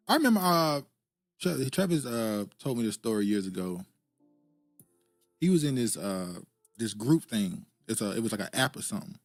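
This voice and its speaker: A man's voice: mid-range voice, big pitch swings, moderate pace, pauses often, no echo, faint music behind. A man hosting a podcast, reacting casually to comments and clips and chuckling often. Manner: laid-back, chuckling, fillers. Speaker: podcast host.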